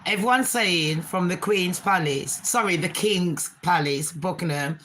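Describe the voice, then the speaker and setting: Slightly hissy or humming audio carries an unhurried woman's voice, on the low side and fairly bright. She comes from Jamaica, speaking Birmingham English with some Jamaican flavor, and she answers chat comments on a casual livestream, laughing often.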